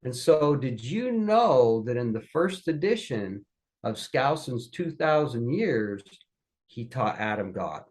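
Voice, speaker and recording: Slow and medium-pitched, a man on a podcast casually shares tales from his family's past. He gets animated, putting on voices for the people he quotes.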